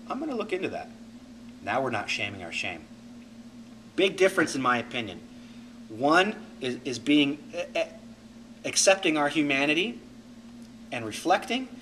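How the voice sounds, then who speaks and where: A man's voice: mid-range voice, normal speed, long pauses, recorded from a distance, a little hiss or hum, low-quality recording. A man coaching a class in a reflective teaching talk, acting out inner voices to make his points. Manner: animated, acts out inner voices to illustrate.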